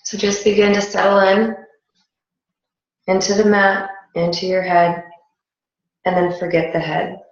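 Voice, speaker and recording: Gravelly woman guiding a calm meditation. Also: mid-range voice. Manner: calm, gentle guiding instructions with a slow pace. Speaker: yoga and meditation instructor. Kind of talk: guided yoga and meditation class. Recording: echoey, dull lo-fi room recording.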